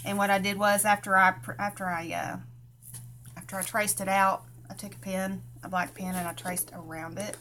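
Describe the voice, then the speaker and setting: The voice is a woman's, medium in pitch with little pitch movement, bright and forceful at a normal speed; a little hiss or hum is audible. A craft channel host from Tennessee, she uses a Southern US country accent to chat folksily during a live tutorial, greeting viewers by name.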